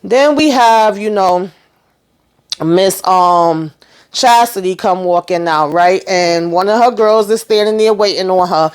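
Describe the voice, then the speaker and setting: A TV recap host with a smooth, mid-range voice recaps an episode at a measured pace. She's chatty and emphatic, peppering sentences with "you know" and "okay" and acting out the characters' lines.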